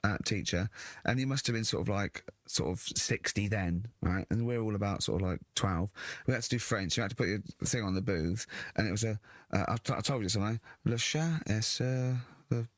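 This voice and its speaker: A man hosting a casual radio chat, telling anecdotes in an animated way and laughing easily. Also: fairly low pitch, dry recording, studio quality. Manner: animated storyteller, quick to laugh. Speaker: radio host. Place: radio studio.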